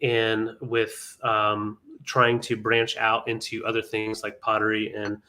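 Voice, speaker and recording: A man's voice: lowish voice, completely flat delivery, slow pace, bright, forceful tone. A man hosting a live vintage sale stream, chatting casually with many ums and counting down bids.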